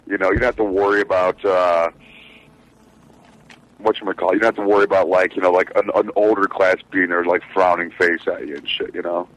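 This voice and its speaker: A man with a fairly low voice tells a story in fast, tumbling speech. He swears freely and loses his thread in fillers as he chats casually. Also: steady tone, a bit bright, low-quality recording. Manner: rambling, profane storytelling with many fillers. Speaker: truck driver, show regular. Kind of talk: casual podcast chat.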